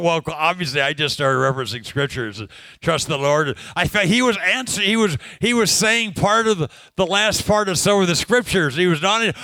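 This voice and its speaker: A man's voice: on the high side, lively intonation, brisk, pushed and bright, no room sound. A man preaching a sermon, telling a personal story in a conversational way, laughing often and asking the congregation questions.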